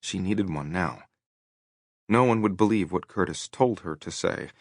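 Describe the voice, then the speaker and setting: A man narrating a romance audiobook in a soft, measured, intimate way. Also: sits low, expressive, vocal fry, no room sound, clean studio sound. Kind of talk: scripted narration.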